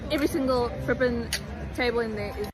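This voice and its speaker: A woman's voice: fairly high pitch, quick pace. A woman vlogging casually, sounding incredulous and giggly. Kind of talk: casual vlog. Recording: noisy street with crowd.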